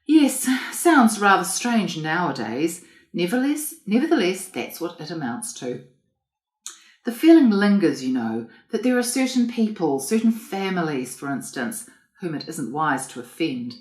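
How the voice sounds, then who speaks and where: A woman reading an audiobook, voicing a calm, troubled male country doctor who explains things patiently. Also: fairly low pitch, measured pace. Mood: grave. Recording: roomy echo.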